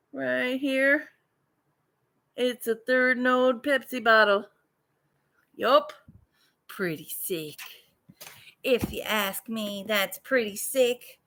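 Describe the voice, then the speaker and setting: A woman's voice: a little high, bright, forceful tone. A woman chatting casually with viewers on a home livestream, greeting them and drifting from topic to topic. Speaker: livestream vlogger. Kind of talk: casual live chat.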